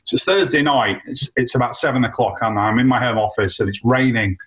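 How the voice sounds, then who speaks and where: A man's voice: mid-range voice, a little fast, rough recording. Man telling a business story. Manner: animated anecdote with many fillers. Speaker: entrepreneur guest. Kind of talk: casual storytelling.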